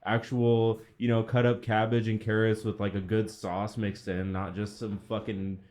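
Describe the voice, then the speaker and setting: A man's voice: fairly low pitch, level tone, moderate pace, darkish tone. A man in casual podcast chat, talking emphatically and swearing. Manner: emphatic, swears, laughs along.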